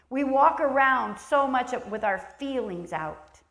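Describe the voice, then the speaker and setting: A woman's voice: high-pitched, animated, measured pace, few pauses, fairly bright tone, echoey room. A woman preaching a sermon in a church sanctuary, reading scripture aloud, speaking earnestly and with emphasis, and asking the congregation questions.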